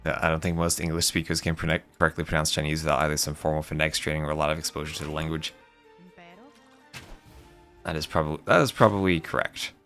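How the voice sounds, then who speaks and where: A man's voice: very deep voice, level tone, fast talker, a bit bright, soft background music. A man casting a live strategy game match, calling plays and chatting with viewers between fights. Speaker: esports caster.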